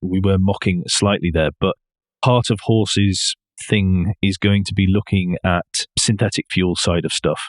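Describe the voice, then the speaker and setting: A man's voice: low-pitched, fairly even intonation, measured pace, dry recording. A man co-hosting a podcast, chatting about car news with dry, wry remarks. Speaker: podcast co-host.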